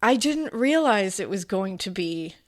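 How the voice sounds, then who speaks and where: A woman's voice: medium pitch, expressive, a little slow. Woman in her 40s, podcast cohost, chatty and teary, lots of likes and um and restarts. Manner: emotional, rambling with many fillers and restarts. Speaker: podcast co-host. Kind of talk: casual podcast chat.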